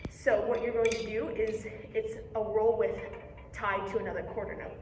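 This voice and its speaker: This young woman's voice is medium-pitched, a little mellow and flat, moving at a moderate pace with slight background noise behind it. As a percussion teacher giving a hands-on lesson, she encourages patiently and breaks the strokes down step by step, recorded far from the mic in an echoey room.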